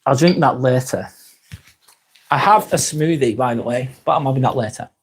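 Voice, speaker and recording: A man's voice: mid-range voice, normal speed, husky. A man hosting a casual live stream, reading viewer comments aloud, calling people mate and standing firm with trolls.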